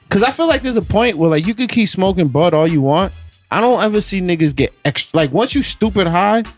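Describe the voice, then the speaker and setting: Young male co-host, relaxed slangy chatter, animated pitch, soft music bed. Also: brisk, dry recording. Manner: laid-back, laughing, slangy banter. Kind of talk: casual chat among friends.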